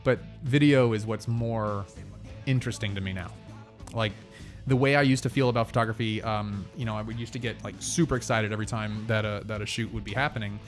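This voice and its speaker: A man's voice: on the low side, fairly even intonation, brisk, soft background music. A man hosting a podcast in casual chat, rambling and teasing with many fillers and restarts. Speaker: podcast host.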